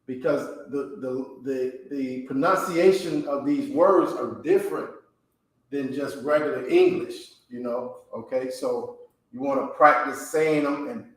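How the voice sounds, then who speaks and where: Male teacher, mid pitch, unhurried delivery that keeps asking "okay?", very echoey room. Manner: slow, repeats "okay?" after nearly every phrase. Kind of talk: classroom language lesson.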